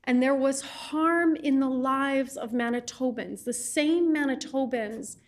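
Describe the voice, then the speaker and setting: A woman on a legislative committee, questioning a witness in an impassioned, halting way, often repeating words as she speaks. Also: sits high.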